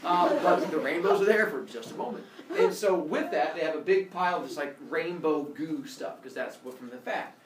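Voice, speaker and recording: A man's voice: a little high, normal speed, few pauses, a crowd in the background. A man teaching a class, telling a story with jokes and acting out the characters. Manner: animated, jokey, acts out characters. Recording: echoey classroom from far off.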